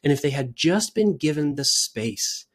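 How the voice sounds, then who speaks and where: A man giving an earnest, persuasive sales pitch to camera as the founder of a book-writing service, repeating his points for emphasis. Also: expressive, moderate pace.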